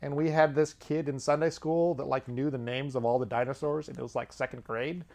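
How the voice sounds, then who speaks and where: A man's voice: medium pitch, fairly even intonation, a little fast, creaky, darkish tone. A man hosting his own comedy show, delivering a rambling monologue with offhand, sardonic asides and chuckling at his own jokes. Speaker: host.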